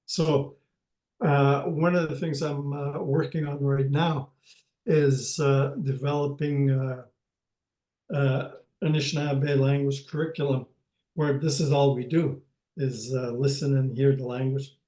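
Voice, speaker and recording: An older man teaching a language lesson over a video call, speaking haltingly with many pauses and restarts. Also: medium pitch, level tone, dark tone, reverberant, low-quality recording.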